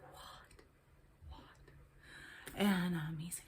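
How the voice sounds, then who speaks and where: A woman's voice: lowish voice, moderate pace, vocal fry, a bit bright, a little hiss or hum. A woman and mother of three telling a personal story to camera in a casual, rambling way, full of ums and restarts. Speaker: tarot and spirituality vlogger.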